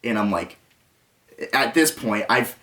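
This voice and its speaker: A man's voice: lowish voice, animated, slow, bright, forceful tone, far from the mic. Young man venting a story to camera. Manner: rambling, restarts often, quotes others. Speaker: vlogger.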